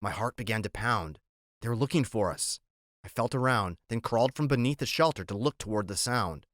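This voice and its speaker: A man narrating an audiobook in a measured, even storytelling voice, recorded close on a studio mic. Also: fairly low pitch, dry recording.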